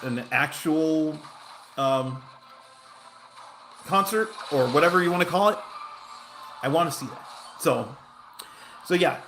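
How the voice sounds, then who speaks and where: A man's voice: fairly high pitch, pushed and bright, a little hiss or hum. A man chatting casually on a livestream, telling a rambling story full of fillers and restarts while reacting to his game. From Southern California. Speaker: game streamer.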